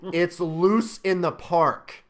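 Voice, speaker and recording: A man's voice: sits high, takes it slowly. A young man hosting a casual film review chat, ranting with exasperated anger and plenty of swearing. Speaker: channel host reviewing a film.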